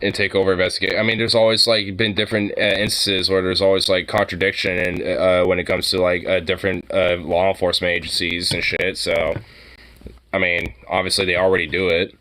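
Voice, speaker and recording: A man's voice: deep voice, little pitch movement, brisk, bright, forceful tone. A young man streaming a reaction to a video, rambling and swearing constantly as he mocks what he sees. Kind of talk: profane reaction commentary.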